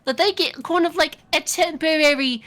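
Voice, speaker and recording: A woman voicing a touchy, foul-mouthed adventurer with a rough way of talking who swears hotly. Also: sits high, moderate pace, pushed and bright. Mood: persuasive.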